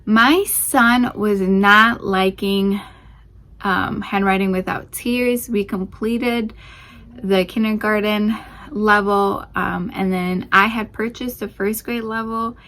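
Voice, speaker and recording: A woman's voice: mid-range voice, fairly even intonation, slow pace, fairly bright tone. A young woman who hosts a homeschooling channel, chatting casually through a curriculum review with lots of fillers and restarts, a little out of breath. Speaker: homeschooling mom channel host.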